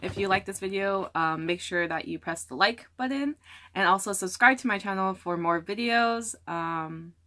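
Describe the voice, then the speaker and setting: A woman's voice: mid-range voice, moderate pace, pushed and bright. A young woman talking casually in an unboxing vlog, rambling with lots of fillers. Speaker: vlogger.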